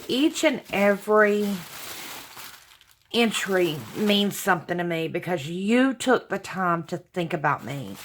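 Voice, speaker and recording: A woman's voice: fairly low pitch, slight background noise. A woman, hosting her channel and chatting to viewers as she opens gifts, gushing and sentimental with frequent exclamations. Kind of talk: casual unboxing chat to viewers.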